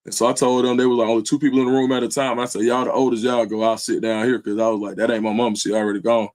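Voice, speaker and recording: A man's voice: mid-range voice, level tone, rapid-fire, a little mellow. A man hosting his own livestream, speaking in an earnest, loose way with lots of slang fillers. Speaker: livestream host. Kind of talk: casual heartfelt livestream talk.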